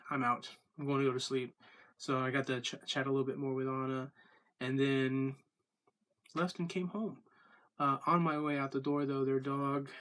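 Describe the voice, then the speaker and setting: A man's voice: medium pitch, sharp tone. A man talking casually to camera in a daily video diary, rambling with lots of fillers and restarts. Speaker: vlogger.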